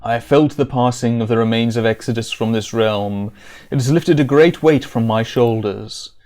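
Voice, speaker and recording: A man's voice: mid-range voice, moderate pace, warm tone, lightly acted. A man voicing a solemn, grateful king from a video game, speaking in formal, archaic words. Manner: formal, archaic, stately delivery.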